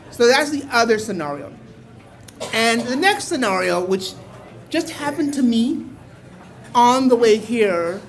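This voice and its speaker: An older man from Mexico telling a story on stage to a live audience, playful and wry, now and then bursting into loud exclamations. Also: very high voice. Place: small bar venue before a live audience.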